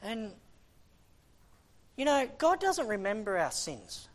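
A man's voice: high-pitched, huge pitch swings, takes it slowly. A man preaching a sermon in an impassioned, conversational way, often restarting his sentences.

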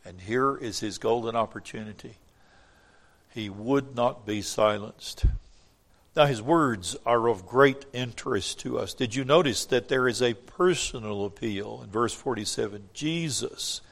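Preacher guy giving a sermon, goes loud then quiet, repeats stuff for effect. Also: medium pitch, unhurried, creaky. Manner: dramatic, swinging from loud to hushed, emphatic repetition.

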